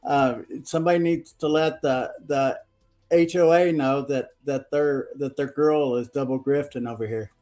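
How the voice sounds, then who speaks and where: A man joining a livestream panel as a guest, teasing and talking in halting restarts. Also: mid-range voice, fairly even intonation, warm tone, faint music behind. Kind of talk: casual livestream banter.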